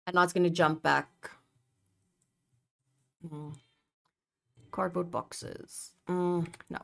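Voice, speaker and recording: A young woman streams live and chats loosely while she works. She reads her chat aloud, swears casually and pokes fun at herself. Her voice is low, unhurried and gravelly. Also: fairly even intonation. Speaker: livestreamer building a map.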